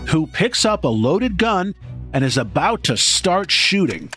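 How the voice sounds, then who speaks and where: Brief: male documentary narrator, suspenseful and dramatic, slightly high, over music. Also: sing-song, unhurried, a bit bright. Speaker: podcast host and narrator.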